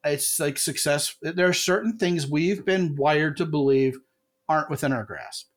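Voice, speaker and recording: A man hosting a podcast in casual chat, telling animated stories and acting out quotes in a raised voice. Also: a little high, unhurried.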